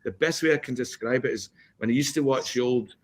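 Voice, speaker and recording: A man on a podcast, ranting in an animated, complaining way during casual chat. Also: mid-range voice, fairly quick. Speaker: podcast co-host.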